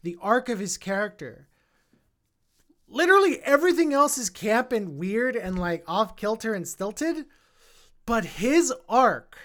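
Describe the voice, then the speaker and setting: A woman hosting a casual film podcast, talking animatedly and repeating words when she gets excited. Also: fairly high pitch, unhurried. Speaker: podcast host.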